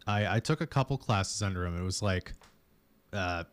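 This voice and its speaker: A man hosting a morning radio show, telling stories in a casual, animated way and slipping into put-on voices. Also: low-pitched, moderate pace, clean tone. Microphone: studio microphone.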